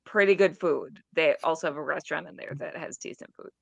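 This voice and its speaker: A woman from Wisconsin with a strong Upper Midwest accent, chatting on a movie watchalong. Her voice sits lowish and sounds close and dry. She talks in an earnest, eager, opinionated way. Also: fairly quick, gravelly, no echo. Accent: Upper Midwest American. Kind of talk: casual chat on a movie watchalong.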